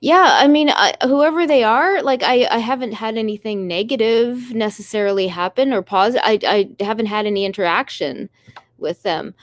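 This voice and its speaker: A woman's voice: medium pitch, normal speed, no room sound. Tired Canadian woman chatting on stream. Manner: rambling, apologetic, reads chat aloud. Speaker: live stream host. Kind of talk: casual live stream chat.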